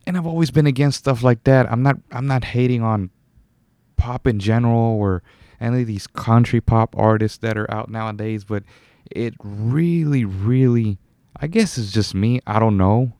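A man's voice: medium pitch, normal speed, dark tone, dry recording, studio quality. A young man hosting a solo podcast, rambling casually, correcting himself and chuckling now and then. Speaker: podcast host.

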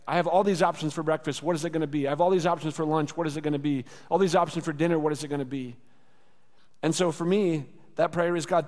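Earnest pastor in an echoing hall. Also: male voice, on the high side, darkish tone. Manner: earnest, conversational preaching with spoken prayers. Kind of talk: sermon. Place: church sanctuary.

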